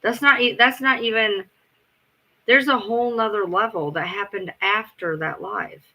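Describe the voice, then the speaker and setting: Bright-voiced, swearing streamer guy. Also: high-pitched, moderate pace, gravelly. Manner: rambling, profane, answers chat. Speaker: live streamer. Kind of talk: casual live-stream chat.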